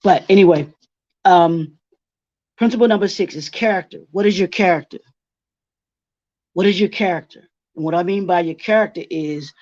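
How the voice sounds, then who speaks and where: A man's voice: a little high, a little slow, pauses often, darkish tone. A man leading a workshop presentation, firing off rhetorical questions and repeating each point twice. The recording is dull and lo-fi, with a dry, close sound and no room echo. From Baltimore.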